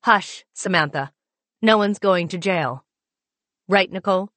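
A hard-edged woman schemer who clips her words and issues threats, as a woman narrator puts her on. Her voice sits fairly low and sounds dry and close, with no room around it. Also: a little slow, fairly bright tone, no room sound. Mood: commanding.

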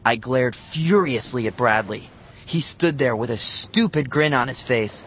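A man reading a children's novel aloud as an audiobook narrator. His delivery is lively and expressive, at a middle pitch. A faint background hum sits under the voice. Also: unhurried.

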